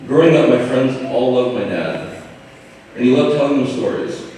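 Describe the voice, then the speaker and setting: A man's voice: mid-range voice, animated, warm tone, a little hiss or hum. Man speaking far off in an echoey hall. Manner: informal, halting, with light humor. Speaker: son giving a eulogy. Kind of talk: memorial speech from notes. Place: large hall at a memorial gathering. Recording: echoey hall, distant mic.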